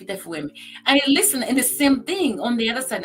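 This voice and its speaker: A woman's voice: on the high side, big pitch swings, a little fast, soft background music. A woman on a talk show, speaking in an emphatic, heartfelt way as she tells personal stories. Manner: acts out friend's remarks in quoted voices. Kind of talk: casual chat.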